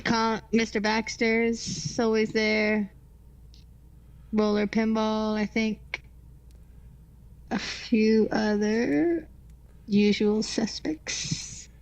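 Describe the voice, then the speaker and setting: A woman's voice: on the high side, fairly even intonation, very slow, long pauses, rough recording. A woman co-hosting a live stream, chatting casually, laughing often and reading chat messages aloud. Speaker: co-host of a live pinball repair stream.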